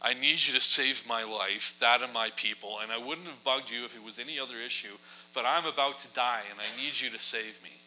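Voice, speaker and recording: A man's voice: medium pitch, brisk, bright, forceful tone, poor audio. A man voicing a pleading young queen in a casual, modern paraphrase.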